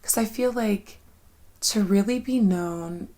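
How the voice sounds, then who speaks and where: A woman's voice: medium pitch, slow, mellow. A young woman rambling to herself in a casual solo vlog, candid and loose, full of "like" fillers, swearing freely and sometimes dropping to a near-whisper. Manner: rambling and candid, swearing often, with frequent "like" fillers and sudden laughs; drops to a near-whisper when reflective. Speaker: vlogger.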